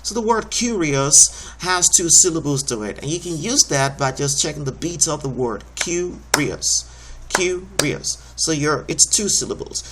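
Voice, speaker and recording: A man's voice: on the high side, expressive, a little fast, hardly any pauses, noisy background. A man teaching a recorded homeschool lesson, explaining each step patiently and encouragingly.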